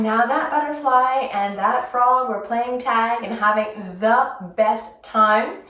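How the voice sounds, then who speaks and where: A woman guiding children through a yoga story, telling it in a playful, gently instructive way. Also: mid-range voice. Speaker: kids yoga teacher. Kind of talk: guided kids yoga story. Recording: echoey room, voice from a distance.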